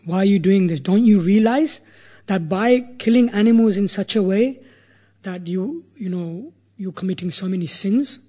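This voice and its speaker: Guy doing a stern sage scolding, husky and kinda high. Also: moderate pace, mellow. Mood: rebuking. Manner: challenging, rebuking questions. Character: wandering male holy sage, stern teacher.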